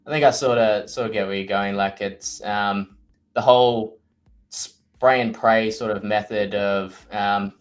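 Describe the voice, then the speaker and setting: A man's voice: fairly low pitch, steady tone, measured pace, faint music behind. A man in casual podcast conversation who speaks hesitantly with frequent fillers and agrees along.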